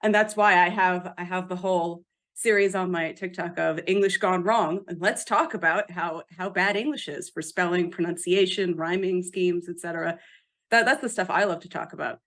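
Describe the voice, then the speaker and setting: A woman author chatting as a podcast guest, animated and quick to laugh, emphatic about how words are pronounced. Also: on the low side. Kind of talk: casual podcast interview.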